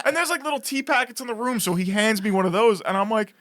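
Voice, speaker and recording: Guy telling a funny story on a podcast, bright voice, all over the place pitch-wise. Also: quick pace, no room sound. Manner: animated, laughs through his story. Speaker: podcast co-host. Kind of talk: storytelling in casual chat.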